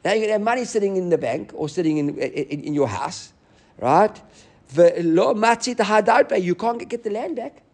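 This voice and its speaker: A man teaching a Talmud class, explaining the text quickly and animatedly, mixing in Hebrew and Aramaic terms. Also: high-pitched, lively intonation, a little mellow.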